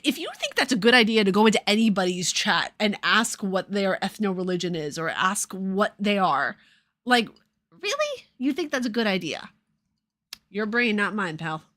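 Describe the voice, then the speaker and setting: A woman with a New Jersey and New York accent talks casually to her livestream chat. She is sarcastic and profane, swinging from loud retorts to low mutters. Her voice sits at an ordinary middle pitch. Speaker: streamer.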